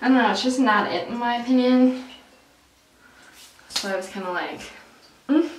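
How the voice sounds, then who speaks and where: A woman's voice: fairly high pitch, normal speed, far from the mic, slight background noise. Chatty young woman in a roomy echo. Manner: chatty, lots of "like" and "um", breaks off mid-sentence. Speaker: beauty vlogger. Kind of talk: casual rambling chat to camera.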